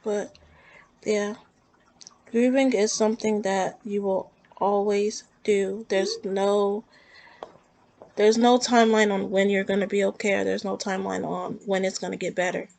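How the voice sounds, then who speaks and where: A woman's voice: mid-range voice, little pitch movement, unhurried, creaky, darkish tone. A woman talking earnestly and emotionally in a rambling, heartfelt vlog about her own grief. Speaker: vlogger. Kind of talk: personal talk to camera about grief.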